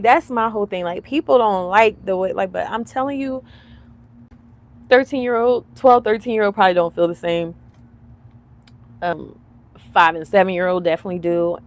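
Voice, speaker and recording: A woman in her thirties hosting a live commentary stream, chatty and animated, laughing often, with lots of fillers. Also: lowish voice. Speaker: livestream commentary host. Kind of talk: casual commentary chat.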